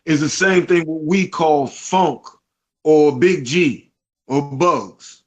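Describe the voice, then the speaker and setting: This interview guest is a reggae artist from Washington D C whose Southeast DC accent comes through as he tells stories slowly in a voice on the high side. Casual and animated, he acts out what people said.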